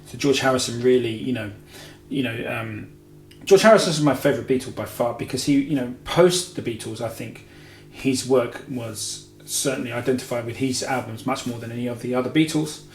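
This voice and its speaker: A man's voice: medium pitch, brisk, hardly any pauses. A man hosting a guitar show, answering viewer questions in a rambling casual chat full of filler and restarts. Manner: rambling, heavy with filler "you know"s and self-corrections. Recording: roomy echo with faint music.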